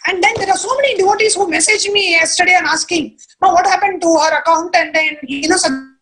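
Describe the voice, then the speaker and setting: A woman's voice: extremely high pitch, a bit bright, low-quality recording. A woman speaking emphatically and bluntly as a devotee on a devotional panel discussion.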